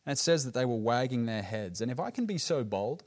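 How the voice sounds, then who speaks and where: A man with an Australian accent preaching a sermon as pastor, earnest and emphatic, dropping his voice low on grave words. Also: lively intonation, fairly quick.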